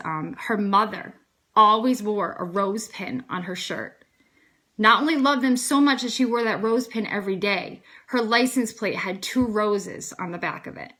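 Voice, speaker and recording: A woman in her thirties with a bright, forceful voice tells a personal faith story in a casual, earnest way. She acts out each exchange, lifting her voice for the other people and trailing into fillers as she goes. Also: medium pitch. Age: 30s. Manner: earnest, animated retelling with quoted dialogue and frequent fillers. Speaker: vlogger sharing a faith testimony.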